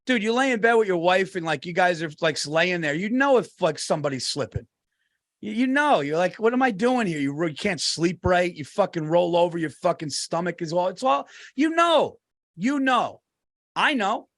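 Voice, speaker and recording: A middle-aged man co-hosting a podcast, telling animated, laughing anecdotes. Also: high voice, moderate pace. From United States. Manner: storytelling, laughing, does voices in anecdotes. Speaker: podcast co-host. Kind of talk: casual comedic chat.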